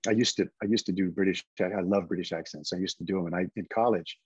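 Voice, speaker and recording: A man's voice: low-pitched, steady tone, quick pace, slightly rough, no echo, highs cut off. A man in his seventies, a guest actor telling anecdotes in a casual interview and slipping into put-on voices when quoting people. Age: 70s.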